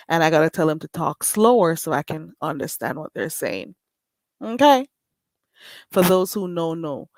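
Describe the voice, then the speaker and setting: With a Caribbean accent and a lowish voice, this woman hosts a livestream, chatting bluntly and casually with viewers and laughing often. The recording has no room sound.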